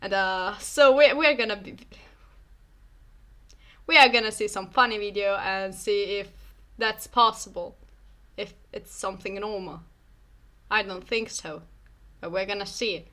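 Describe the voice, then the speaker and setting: Slow, bright-voiced Italian man. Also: high-pitched. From Italy. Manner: halting, many fillers and restarts, jokey. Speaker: streamer reacting to a cooking video. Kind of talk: casual reaction commentary.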